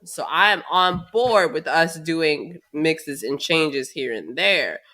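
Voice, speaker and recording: Blunt, bright-voiced woman co-host. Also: sits low, expressive, slow pace. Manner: blunt, outspoken, swears freely. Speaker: podcast co-host. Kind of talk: casual chat.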